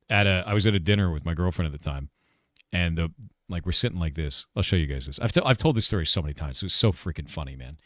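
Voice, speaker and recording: A man's voice: low-pitched, fairly bright tone, dry recording. A man in his forties, a game developer and streamer, chatting casually, rambling, laughing often and swearing offhandedly. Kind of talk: casual livestream chat.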